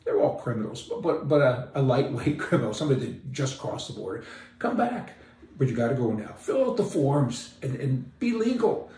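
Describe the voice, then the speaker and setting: A man's voice: medium pitch, very animated, moderate pace, mellow, slight background noise. A man giving an opinionated, folksy monologue as a commentator, sarcastic and emphatic. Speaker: political commentator. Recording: roomy, distant mic.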